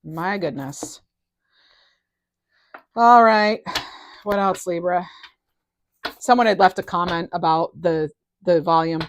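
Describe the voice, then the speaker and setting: A middle-aged woman giving a casual tarot reading, enthusiastic and animated, her voice rising and falling in loudness. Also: on the low side, slow pace, long pauses, a little hiss or hum. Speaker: tarot reader.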